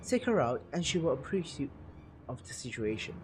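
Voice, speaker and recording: A man's voice: medium pitch, very animated, normal speed, background noise, close to an everyday voice. A man doing a grave, commanding officer. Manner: formal, commanding. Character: stern male resistance commander, grave. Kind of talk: reading game dialogue aloud. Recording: game music behind.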